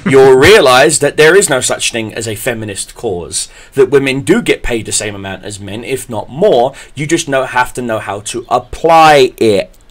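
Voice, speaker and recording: A man hosting a podcast, telling a story in a profane, animated way. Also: medium pitch, normal speed. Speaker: podcast host. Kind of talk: casual podcast chat.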